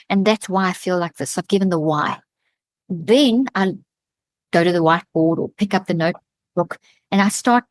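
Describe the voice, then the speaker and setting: A woman speaking as an expert guest, walking through a method and lively acting out a parent's words. Her voice sits in a middle pitch and sounds close and dry, with no room around it. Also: no echo. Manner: animated, acts out parent's words.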